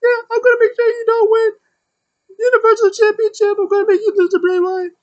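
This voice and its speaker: A man putting on a squeaky falsetto to play a vengeful, scheming female wrestler in a sing-song mocking taunt. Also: level tone, brisk, lo-fi sound.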